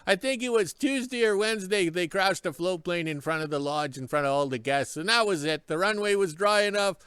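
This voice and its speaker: A man's voice: high voice, brisk, a bit bright, clean tone, no room sound, clean studio sound. A man telling a story in a casual vlog, chatty and stopping often for an emphatic "yes". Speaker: vlogger.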